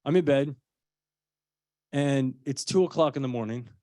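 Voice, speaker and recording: A man's voice: medium pitch, a little slow, darkish tone, no room sound, studio quality. A man, an actor and parent of a young child, giving an earnest, persuasive public speech with conversational personal stories. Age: adult parent of a young child. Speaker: actor speaking as a child-safety advocate.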